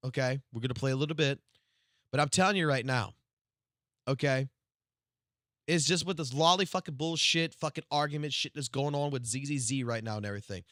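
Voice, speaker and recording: A man streaming live, reacting to game news in a profane, excitable rant that swings from low mutters to loud outbursts. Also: fairly quick, dry recording, clean studio sound.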